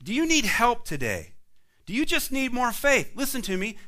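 A man's voice: high voice, huge pitch swings, normal speed, sharp tone. A man preaching a sermon as pastor, building emphatic repeated phrases and sometimes laughing lightly at himself. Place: church sanctuary.

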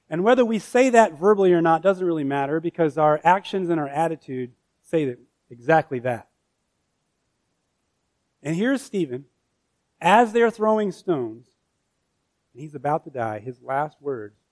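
A man's voice: on the high side, darkish tone, dry recording. A man preaching a sermon as pastor, emphatic and full of rhetorical questions.

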